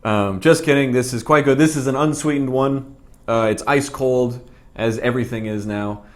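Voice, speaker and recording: A man's voice: medium pitch, moderate pace. Man, casual food-review vlogger, dry rambling humor, mid-range voice.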